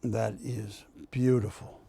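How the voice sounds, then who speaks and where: Jokey man pitching items on live TV. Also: little pitch movement, slow pace, creaky, dark tone, breathy edge. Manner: jokey, chatty salesman banter. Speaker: shopping channel host. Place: TV studio.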